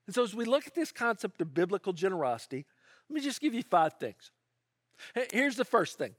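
An animated man preaching with a high, lively voice that swoops up and down. He sounds earnest and conversational, leaning into his points. The sound is dry and close, with no room echo. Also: fairly quick. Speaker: pastor. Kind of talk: sermon.

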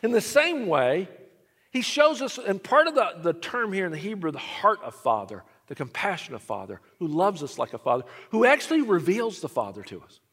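A man preaching a sermon, telling a story and swinging between hushed lines and emphatic ones. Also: high-pitched, big pitch swings, normal speed, husky. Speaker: pastor. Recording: long reverb of a large hall.

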